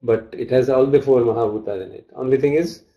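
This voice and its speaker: A man's voice: mid-range voice, fast talker, lo-fi sound. A man teaching a study class, reading out texts and glossing Pali terms as he explains them. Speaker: dharma teacher.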